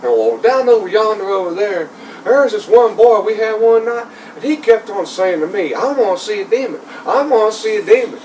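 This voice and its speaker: Guy putting on old redneck tour guide, kinda high, bit far from the mic. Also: expressive, brisk, a little mellow. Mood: spooky folksy. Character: old backwoods male tour guide, folksy. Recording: slightly distant mic, faint noise.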